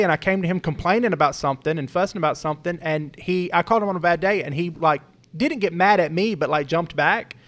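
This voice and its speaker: A young man talks earnestly on a podcast, his voice sitting a little high. He rambles through a personal story, starting sentences over and circling back. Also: a bit bright. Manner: earnest, rambling, with many restarts. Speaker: podcast co-host. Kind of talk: casual storytelling talk.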